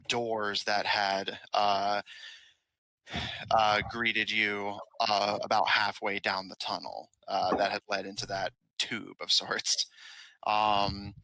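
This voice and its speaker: A man narrating as game master of a tabletop game, halting with many fillers. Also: fairly low pitch, sharp tone, no room sound, rough recording.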